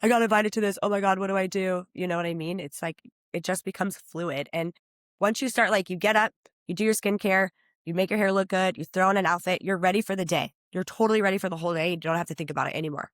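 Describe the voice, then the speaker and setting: A woman's voice: fast talker, no echo. Woman in her thirties, personal stylist guest, chatty and enthusiastic, dry close sound. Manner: enthusiastic, chatty, acts out quotes with high-pitched voices. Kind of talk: upbeat podcast interview.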